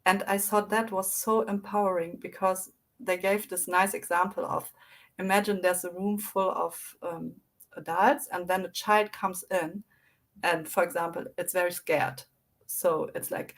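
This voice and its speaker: A woman guest in a casual interview, reflective and animated as she tells her recovery story. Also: on the low side, measured pace.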